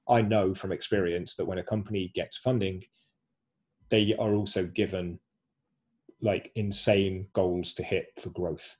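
A man's voice: low-pitched, a little mellow, slightly rough. A man presenting a webinar over a video call, explaining screenshots step by step. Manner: explanatory, walks through screenshots.

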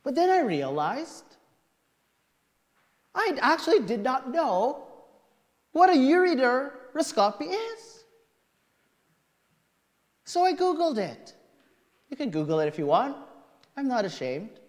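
Male pastor, high and very lively delivery, storytelling sermon, reverberant church hall. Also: slow pace, pauses often. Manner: animated, swings from quiet to shouting. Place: church sanctuary.

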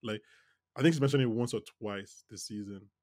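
A man co-hosting a podcast in a casual TV recap chat, animated, laughing often and restarting his sentences. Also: on the low side, brisk, no echo, clean studio sound. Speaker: podcast co-host.

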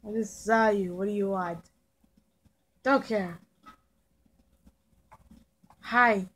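A woman voicing a hyper, cheerful young male fox kid in in-character game commentary, excitable and pushy. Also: mid-range voice, extremely slow. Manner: excitable, bouncy, keeps shouting questions at passers-by.

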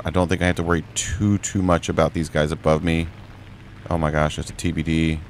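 Young man, gaming commentary, lowish voice, jokey and excitable, faint engine hum behind. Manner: excitable, jokey, yelps high when in trouble; mutters low play-by-play. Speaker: gaming streamer. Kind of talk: gameplay commentary.

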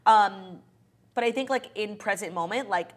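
A woman's voice: mid-range voice, normal speed. A young woman co-hosting a podcast in casual chat, full of fillers and casual swearing. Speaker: podcast co-host.

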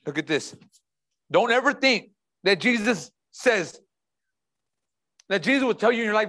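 A man's voice: high-pitched, animated, moderate pace, pauses often, pushed and bright. A man preaching a sermon as pastor, emphatic and repeating key phrases while speaking straight to the congregation.

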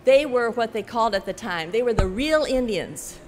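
An older woman author talking to an audience at a book festival, telling animated stories with frequent "you know" and laughing at her own anecdotes. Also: fairly high pitch, moderate pace, soft background music. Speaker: author giving a talk. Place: large hall at a book festival. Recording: echoey hall with faint ambience.

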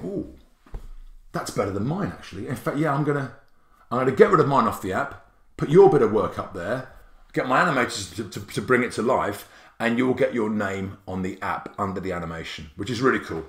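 A man presenting a spelling tutorial for teachers in an excitable, theatrical and jokey way. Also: medium pitch, reverberant. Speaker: app creator and teacher presenter.

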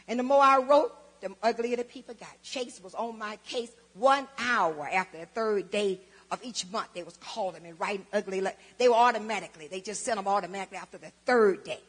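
Husky older woman testifying. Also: mid-range voice, a little fast, few pauses. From Southern United States. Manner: dramatic storytelling, acting out both sides of conversations. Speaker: church member giving testimony. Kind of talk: church testimony. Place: church sanctuary. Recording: long church hall reverb.

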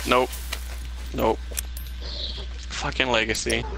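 A man's voice: medium pitch, flat delivery, slow, creaky, noisy background. A young man giving live gameplay commentary, ranting and swearing in exasperation at his teammate. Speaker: gamer.

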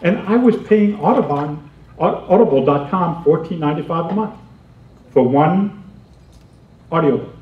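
A man's voice: on the high side, moderate pace, pauses often. Chatty man joking in an echoey room. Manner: animated, chatty, laughs often, acts out little scenes. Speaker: comedy seminar speaker. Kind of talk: humorous seminar talk to a live audience. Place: seminar room. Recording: roomy, muffled, distant hall recording.

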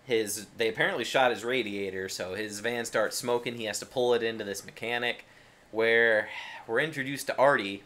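A man's voice: medium pitch, normal speed, sharp tone. A man co-hosting a podcast, chatting casually about a movie with sardonic, crude humor and frequent swearing. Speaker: podcast co-host. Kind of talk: casual movie-review chat.

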